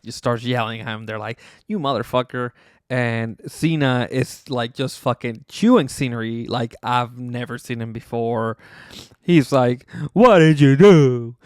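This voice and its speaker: Smooth-voiced man rambling in casual chat. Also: medium pitch, fairly even intonation, unhurried, dry recording, clean studio sound. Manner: profane, rambling, full of fillers and chuckles. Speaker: podcast host.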